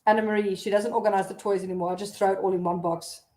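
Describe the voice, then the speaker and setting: A woman's voice: medium pitch, fairly even intonation, rapid-fire, dark tone, reverberant. A South African woman hosting a casual live stream, chatting and laughing as she reads out viewer comments.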